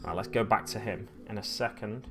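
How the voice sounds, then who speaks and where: A man's voice: fairly low pitch, a little fast, music in the background. A young man with a Lancashire accent, chatting casually to viewers on a live stream and often correcting himself as he rambles. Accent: Lancashire English. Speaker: live-stream host painting miniatures.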